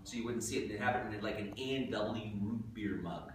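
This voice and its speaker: A male science teacher runs a classroom demonstration, joking and asking his students whether they follow. He is picked up from across the room by a distant camera. The sound has a strong classroom echo and a clearly audible noisy background. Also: lowish voice, fairly quick. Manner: jokey, checks in with students. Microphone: far camera. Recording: echoey classroom from far off, noisy.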